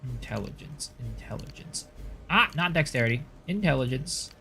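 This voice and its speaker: A man's voice: mid-range voice, animated, moderate pace, vocal fry, bright, forceful tone, a little hiss or hum. A man streaming a game, casually commenting, joking and answering his viewers as he plays.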